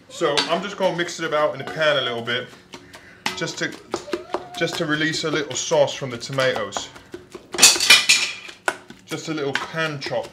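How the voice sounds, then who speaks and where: A man's voice: a little high, normal speed, long pauses. A man hosting a home cooking demonstration in a hammy, put-on comic accent, giving chatty step-by-step instructions in his kitchen. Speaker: cooking show host. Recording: echoey kitchen with background noise. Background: sizzling and clattering pans.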